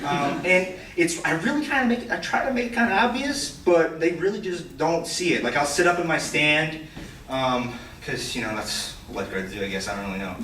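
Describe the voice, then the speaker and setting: A man's voice: expressive, a little fast, sharp tone, slight background noise. Teen boy rambling through stand-up in a hall. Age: teens. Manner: rambling, self-deprecating, stammering restarts, high squeaky quoted voices. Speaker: student stand-up comic. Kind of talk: stand-up storytelling. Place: school auditorium stage. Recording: echoey hall, from far off. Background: audience laughter.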